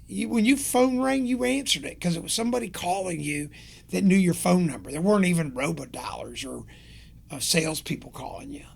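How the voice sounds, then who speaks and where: A man's voice: sits high, gravelly. An older man hosting his own show, talking in a passionate, rambling monologue full of fillers. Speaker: podcast host. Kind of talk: casual monologue rant.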